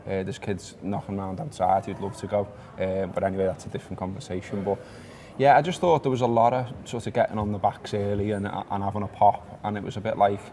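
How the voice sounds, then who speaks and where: A man's voice: lowish voice, little pitch movement, fast talker, mellow. A man with a Liverpool accent, co-hosting a podcast and talking through a football match in a chatty, laid-back way. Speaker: podcast co-host. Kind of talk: casual football chat.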